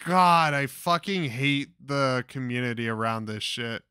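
A man's voice: mid-range voice, measured pace, pushed and bright, clear, resonant tone, dry recording, studio quality. Profane, exasperated young man ranting. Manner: crude, exasperated, swearing constantly. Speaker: commentator reacting to clips.

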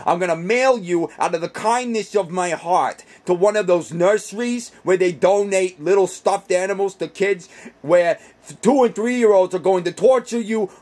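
A man voicing a small, foul-mouthed male teddy bear with anger issues, ranting in a comedic puppet vlog with a husky voice. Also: high-pitched, a little mellow. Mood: threatening. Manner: ranting, vengeful, over-the-top.

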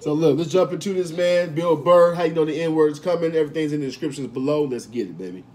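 A man's voice: fairly high pitch, fast talker, darkish tone. A man hosting a reaction video, chatting casually in a laid-back, slangy way and laughing often.

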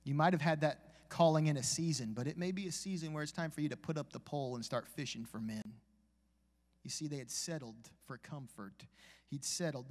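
A fairly high-voiced man preaches live in a church, his words ringing out under a long hall reverb. He mixes folksy jokes and asides with scripture reading. He climbs from easy conversation into loud, urgent exhortation. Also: brisk. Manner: builds from conversational to shouted exhortation. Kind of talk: live sermon. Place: church sanctuary.

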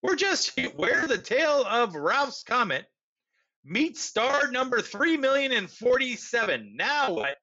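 A man's voice: very high voice, sing-song, takes it slowly, pushed and bright, dull audio, voice pushed up, heavily acted. A man doing a curious young boy. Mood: wondering.

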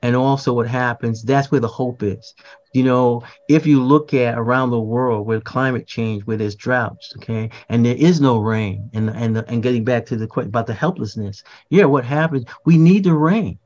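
Older male guest, reflective talker, medium pitch, slightly dull lo-fi audio, lots of fillers and restarts. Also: moderate pace, a little mellow. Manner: reflective, repeats words, frequent fillers and restarts. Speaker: poet, podcast guest. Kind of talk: conversational explanation.

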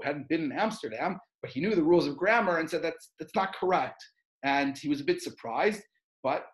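Man lecturing with many "uh" pauses. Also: mid-range voice, rough recording. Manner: explanatory, many "uh" fillers and "right?" checks. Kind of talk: recorded lecture.

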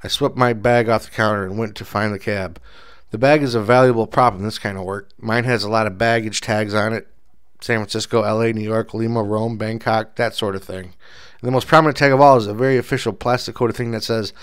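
A man narrating a first-person story as an audiobook in a dry, measured, low-key voice. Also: steady tone, smooth.

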